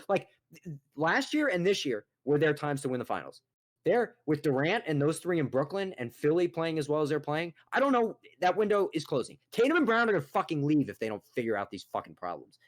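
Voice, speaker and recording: A young man co-hosting a casual sports podcast, ranting in a profane, exasperated, animated way. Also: on the high side, a little fast. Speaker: podcast co-host.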